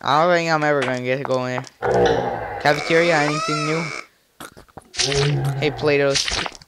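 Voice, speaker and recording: A man's voice: on the high side, fairly even intonation, normal speed, pauses often, very noisy. A man casually commenting while playing a video game, joking and rambling to himself in a playful way. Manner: playful, rambling, jokey asides. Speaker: let's play gamer. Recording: game music behind the voice. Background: game music.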